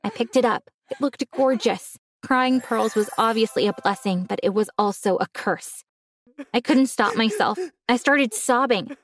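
A woman narrating a first-person story in a calm, earnest way. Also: a little high, measured pace, no room sound.

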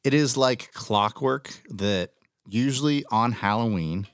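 A man's voice: mid-range voice, measured pace, dry recording, clean studio sound. A man hosting a casual podcast chat, talking bluntly and ranting with plenty of swearing. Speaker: podcast host.

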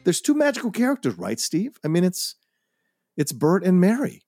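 A man's voice: sits high, huge pitch swings, moderate pace, a little mellow, no room sound, studio quality, soft background music. A man co-hosting a casual film podcast, giving earnest, emphatic opinions. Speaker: podcast co-host.

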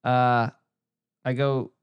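A man co-hosting a casual sports podcast, telling stories in an animated way and swearing freely. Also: mid-range voice, drawn-out words, smooth, no echo, muffled recording. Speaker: podcast co-host.

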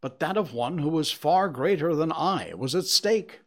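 Male audiobook narrator, theatrical storytelling, very lively pitch. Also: normal speed. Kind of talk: dramatic storytelling reading.

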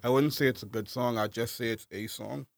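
A man co-hosting a casual podcast chat, animated and full of slang, ranting hard. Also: mid-range voice, brisk, vocal fry, no echo, clean studio sound. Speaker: podcast co-host.

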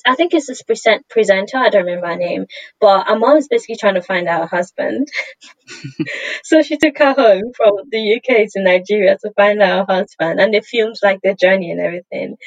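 A woman hosts a casual podcast chat and tells stories with lively energy and frequent fillers. Her pitch sits in the middle. The recording is dull and dry, like a low-fidelity home setup. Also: moderate pace, no echo. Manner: animated, chatty storytelling with many fillers and laughs. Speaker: podcast host.

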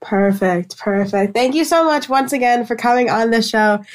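A woman hosting a podcast interview, gushing and excited as she thanks her guest. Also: on the high side, normal speed. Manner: enthusiastic and effusive. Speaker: podcast host. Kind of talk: casual interview chat.

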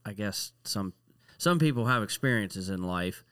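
A man as a podcast guest in casual chat, speaking reflectively and haltingly with many fillers. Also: fairly low pitch, lively intonation, a bit bright, smooth, no room sound, studio quality.

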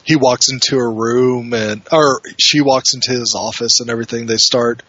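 A man's voice: mid-range voice, steady tone, normal speed, pushed and bright, dry recording, highs cut off. A man co-hosting a podcast, rambling casually with plenty of fillers. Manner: loose and rambling, with many fillers and laughs. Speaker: podcast co-host.

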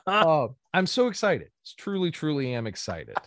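A man co-hosting a casual podcast chat, animated and joking, laughing often. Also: fairly high pitch, measured pace, no room sound, clean studio sound. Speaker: podcast co-host.

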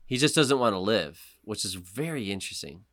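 A man co-hosting a podcast, chatting casually and animatedly, swearing and mocking things with quick impressions. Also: lowish voice, big pitch swings, a bit bright, no room sound, studio quality. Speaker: podcast co-host. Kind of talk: casual chat.

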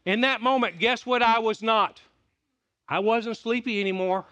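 A middle-aged man preaching a sermon, telling stories with big swings from loud excitement to hushed quiet. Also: extremely high pitch, moderate pace. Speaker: pastor.

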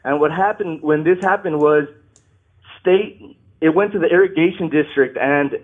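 Nervous male caller on a tinny phone line. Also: a little high. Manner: halting, apologetic, restarts a lot. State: nervous, shaky.

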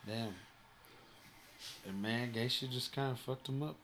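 A man's voice: mid-range voice, slow, a bit bright, a little hiss or hum. A young married man chatting casually about fights and jiu-jitsu, easygoing, with mumbled asides and casual swearing. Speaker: podcast co-host, jiu-jitsu competitor. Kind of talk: casual chat.

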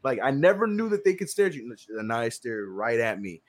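A man in casual chat about fatherhood, talking haltingly with many restarts and laughs. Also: medium pitch, very animated. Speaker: podcast co-host, father.

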